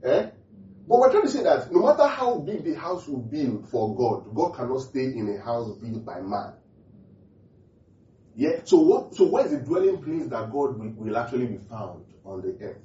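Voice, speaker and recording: A man delivers a sermon in a church hall, putting questions to the congregation and repeating key phrases for emphasis. His medium-pitched voice is mellow and very animated, at normal speed. The recording is distant, echoey, and muffled.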